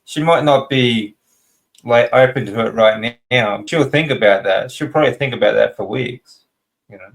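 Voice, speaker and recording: A man hosting a casual interview, chatting in a relaxed, agreeable way with a gravelly voice. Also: medium pitch, normal speed, poor audio. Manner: relaxed and agreeable, many small affirmations.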